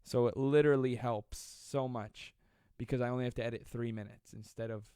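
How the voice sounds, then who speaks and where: Fast-talking joking young man host. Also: mid-range voice, steady tone, dark tone, clean tone, no echo, studio quality. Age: 20s. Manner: fast, joking, self-deprecating. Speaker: livestream host. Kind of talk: live-stream chat reading viewer comments.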